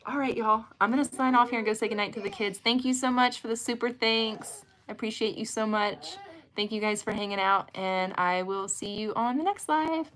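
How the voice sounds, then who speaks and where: A woman's voice: a little high, a little fast, a bit bright. Chatty woman hosting a livestream. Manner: chatty, talks directly to viewers. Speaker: livestream host. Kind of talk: casual livestream chat. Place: home at night.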